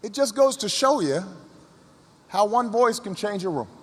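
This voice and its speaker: A man giving a speech to an audience, telling a story with pauses and repeated words. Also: high-pitched, lively intonation, noisy background. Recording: long reverb of a large hall.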